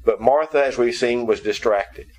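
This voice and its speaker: A man's voice: mid-range voice, moderate pace, darkish tone, rough recording. A man preaching a sermon who explains scripture through humorous storytelling.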